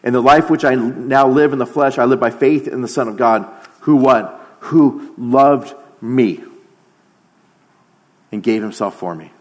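A man's voice: medium pitch, brisk. A man preaching a sermon, emphatic, dropping to a near-whisper on key phrases.

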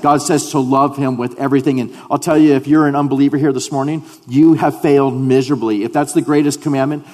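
A man preaching a sermon as a pastor. He repeats words when he restarts, and he swings between loud emphasis and hushed lines. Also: medium pitch, in a large hall.

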